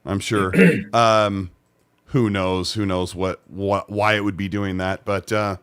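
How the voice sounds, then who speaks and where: A man's voice: low-pitched, little pitch movement, takes it slowly, fairly bright tone, clear, resonant tone, no echo. Laid-back man hosting a podcast. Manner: laid-back, hesitant, lots of fillers. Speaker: podcast host. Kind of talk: casual podcast chat.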